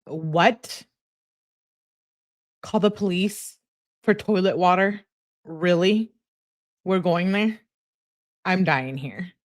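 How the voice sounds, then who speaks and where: A woman's voice: fairly low pitch, very slow, pauses often, dry recording, clean studio sound. A young woman on a live stream reading text messages aloud, often laughing and breaking off with incredulous asides to her viewers.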